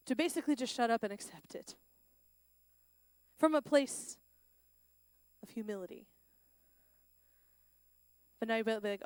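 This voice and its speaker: A woman giving a lively sermon at a school chapel, acting out the lines of the story's characters. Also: high voice, clear, resonant tone, no echo, clean studio sound. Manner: animated, plays out the characters' lines. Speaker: chapel speaker.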